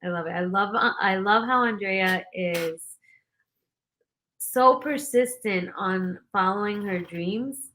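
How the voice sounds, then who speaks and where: A woman's voice: mid-range voice, slow pace, pushed and bright. A woman hosting a podcast, chatting in an encouraging way and laughing often. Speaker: podcast host. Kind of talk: casual podcast interview.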